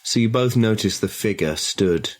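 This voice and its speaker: A man narrating as game master of a tabletop horror game, slowing down to build dread. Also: on the low side. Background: background music.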